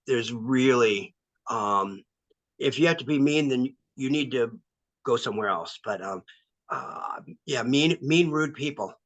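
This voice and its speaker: A male actor as interview guest, talking candidly and pausing often with ums. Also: medium pitch, fairly bright tone, no room sound, low-quality recording. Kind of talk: casual interview.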